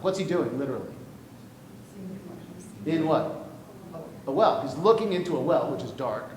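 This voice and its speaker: A man teaching a poetry class, animated and playful, often breaking off mid-thought. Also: moderate pace, long pauses. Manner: animated, playful, self-interrupting. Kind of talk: classroom lecture. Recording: echoey classroom with faint rumble.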